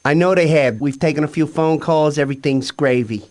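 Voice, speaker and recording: Man, radio host, calm and steady, slightly high voice. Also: fairly quick. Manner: calm, soothing, steering the show. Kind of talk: comedy radio hosting.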